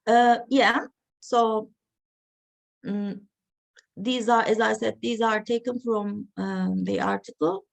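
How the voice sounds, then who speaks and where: A woman giving an academic reading session, talking slowly and haltingly with many fillers. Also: a little high, steady tone, creaky. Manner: slow, halting delivery with frequent fillers. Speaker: lecturer.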